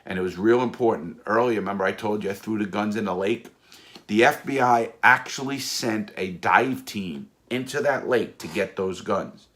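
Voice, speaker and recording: A man's voice: lowish voice, moderate pace, fairly bright tone. A man telling his own story in a casual, emphatic monologue, often restarting and repeating himself. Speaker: storyteller recounting his prison case.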